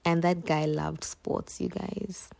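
A woman's voice: low-pitched, little pitch movement, slow, creaky, a little mellow. A young woman hosting a faith podcast, telling a personal testimony with emotion and often speaking straight to her listeners. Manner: emotional storytelling, addresses listeners as "you guys". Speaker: podcast host.

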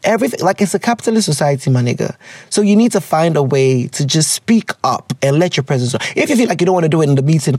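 A man's voice: sits high, no echo, studio quality. A young man hosting a casual advice podcast, reading listener letters, joking and slipping into Twi. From Ghana. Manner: animated and joking, laughs often, drifts into Twi.

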